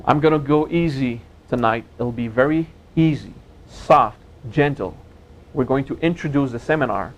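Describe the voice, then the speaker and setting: A man teaching a spiritual seminar in a gentle, playful way, joking with his audience and laughing at his own jokes. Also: medium pitch, normal speed, poor audio. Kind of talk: relaxed seminar talk.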